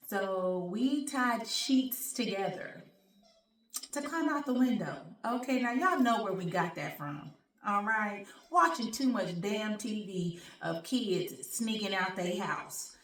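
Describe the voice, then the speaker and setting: A woman hosting her own show, telling a personal story in an animated, colloquial way and speaking straight to her audience. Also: mid-range voice, slow. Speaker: show host. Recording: roomy sound, distant from mic.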